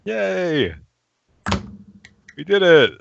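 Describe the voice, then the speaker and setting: Playful player guy, gravelly and bright, bouncy voice, lo-fi. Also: sits high, very animated, extremely slow, slight background noise. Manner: laughing, playful. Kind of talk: casual tabletop banter.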